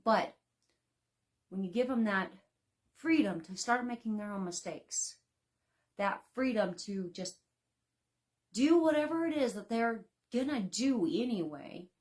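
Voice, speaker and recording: A woman's voice: fairly high pitch, expressive, unhurried, pauses often, a little mellow. A woman in her thirties, a home baking instructor, talking casually and folksily to her class from home, with lots of fillers and laughs. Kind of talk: casual live-class talk.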